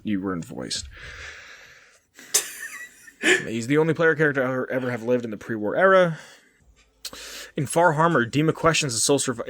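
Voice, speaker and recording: A man's voice: medium pitch, fairly bright tone, no echo. A man hosting a casual podcast, rambling and joking with a profane, ranting manner. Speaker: podcast host.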